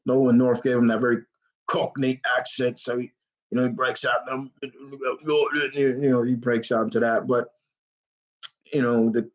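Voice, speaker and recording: A young man with a medium-pitched voice hosts a casual live Q&A stream, answering viewer questions in a rambling, blunt way and swearing freely. The audio has its highs cut off.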